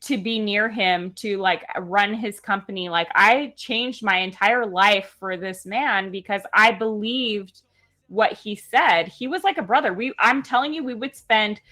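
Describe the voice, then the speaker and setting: A woman from California chatting as a stream guest, telling stories in a lively, animated way. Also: mid-range voice, unhurried. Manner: chatty, animated storytelling with playful put-on accents. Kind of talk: casual chat.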